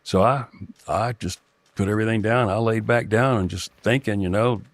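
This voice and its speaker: A middle-aged man telling a personal story in a halting way, with many restarts and fillers. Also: on the low side, steady tone, no echo. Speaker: guest telling a personal experience. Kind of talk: rambling first-person storytelling.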